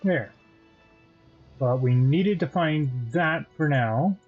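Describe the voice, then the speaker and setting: A man hosting a let's play, giving relaxed, matter-of-fact gameplay commentary. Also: fairly high pitch, slow. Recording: dull audio with game music.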